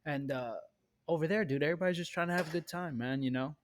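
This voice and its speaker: A man co-hosting a podcast, telling stories in a casual, profane, animated way. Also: a little high, fast, a little hiss or hum. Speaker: podcast co-host. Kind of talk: casual chat.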